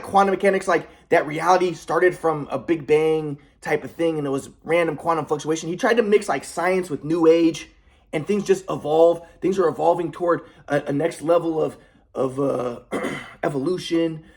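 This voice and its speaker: A young adult man in an agitated, rambling casual monologue with frequent swearing. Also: fairly high pitch. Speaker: vlogger.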